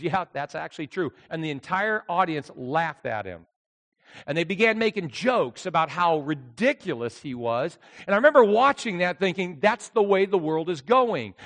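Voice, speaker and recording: A man preaching a sermon with emphatic delivery, swinging between loud outbursts and quiet asides. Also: high voice, long reverb tail. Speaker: pastor.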